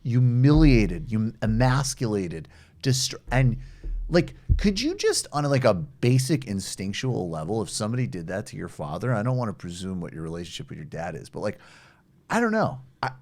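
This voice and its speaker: A man's voice: lowish voice, huge pitch swings, moderate pace, a little mellow. A man hosting a political podcast, talking casually in a sardonic, profane way. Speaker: podcast host.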